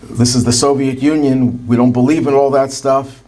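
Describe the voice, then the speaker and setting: A man's voice: medium pitch, little pitch movement, moderate pace, dark tone, pitched above the performer's own voice, lightly acted. A man voicing a strict male schoolteacher who scolds indignantly. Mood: angry.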